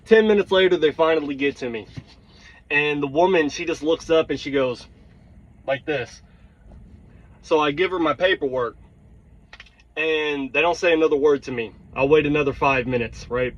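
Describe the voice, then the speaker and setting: A man's voice: a little high, moderate pace, long pauses, highs cut off. A truck driver telling a heated, blunt story, swearing and checking in with his listeners as he vents. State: tired. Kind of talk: storytelling vlog rant.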